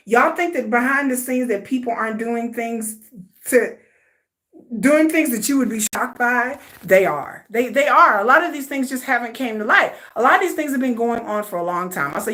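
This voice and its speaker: A woman with a high-pitched voice hosts a livestream and speaks her mind bluntly. She is an older fan who talks in casual slang and calls her viewers y'all. She hammers her points home with repeated lists and rhetorical questions. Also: fairly bright tone. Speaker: host. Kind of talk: livestream commentary rant.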